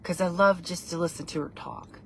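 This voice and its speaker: A woman's voice: fairly low pitch, steady tone, a little fast, fairly bright tone, a little hiss or hum. A woman, chatting in a casual, rambling vlog, playful and self-mocking. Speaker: vlogger.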